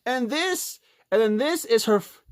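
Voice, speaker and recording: Lady doing a hedgehog hero dude, voice dropped low, slow and stumbly, dead dry sound. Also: expressive, dry recording. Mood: explaining. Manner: hesitant, restarting sentences. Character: friendly young male hedgehog hero. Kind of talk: homemade fan voice acting.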